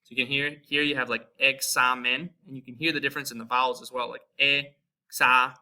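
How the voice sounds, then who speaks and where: A young American man with an American accent, giving a relaxed spoken lesson and slowly repeating example words. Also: medium pitch. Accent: American English. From United States. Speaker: Spanish teacher.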